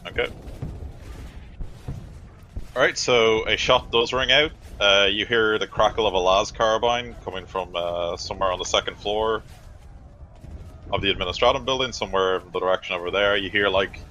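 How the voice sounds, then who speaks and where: A man's voice: on the low side, normal speed, long pauses, pushed and bright, muffled recording, a little hiss or hum. A man narrating as game master of a tabletop game, describing the action in loose, filler-heavy talk.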